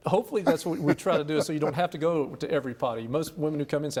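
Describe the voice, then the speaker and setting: A man who is a urologist, explaining a medical condition calmly on a talk show and restarting his phrases often. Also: a little high, racing, few pauses. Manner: calm explanatory, with frequent restarts. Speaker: urologist guest.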